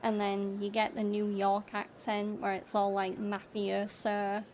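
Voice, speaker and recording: A woman's voice: mid-range voice, completely flat delivery, unhurried, a little mellow, a little hiss or hum. A young woman chatting casually and rambling through let's-play commentary, often restarting her sentences. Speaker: gaming YouTuber.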